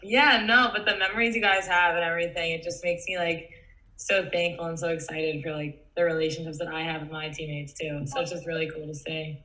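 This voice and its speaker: A woman's voice: deep voice, fairly even intonation, fairly quick, pushed and bright, rough recording. A young woman, a college basketball player, speaking in an upbeat way with lots of fillers. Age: young adult. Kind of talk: casual chat.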